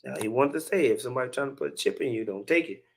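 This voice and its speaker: A man hosting a religious commentary show in a relaxed, chatty way. His voice sits in an ordinary middle range. He preaches between clips and breaks off into chuckling asides. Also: medium pitch, very fast, a little hiss or hum. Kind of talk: casual commentary on video clips.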